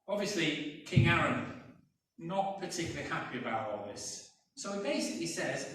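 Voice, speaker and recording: Inside a church, a pastor preaches a sermon, telling a story conversationally and acting out different voices. His voice is a little high, expressive and sharp at a normal pace, and the recording sounds echoey and distant.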